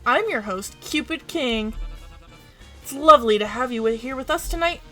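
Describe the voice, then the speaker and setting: Showy game show host for a video game, welcoming tone, high voice, a woman reading it. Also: animated, moderate pace, bright, forceful tone, soft background music. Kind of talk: reading game dialogue aloud.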